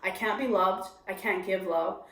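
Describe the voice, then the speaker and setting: A woman stand-up comedian, medium-pitched and speaking at a moderate pace, is candid in an interview recorded in an echoey space. Her manner is confessional and animated as she acts out her inner voice.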